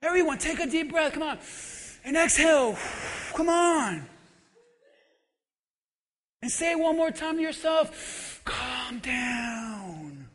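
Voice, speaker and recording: A male pastor delivers an animated, humorous sermon, swinging from shouts to quiet talk. His voice is very high and bright, his delivery unhurried. The long reverb of a large hall carries every word.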